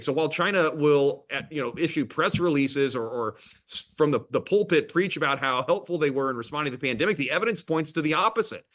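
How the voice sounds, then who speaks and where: A man, a state attorney general, answering interview questions in a measured, formal way with some filler pauses. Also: a little high, fairly bright tone.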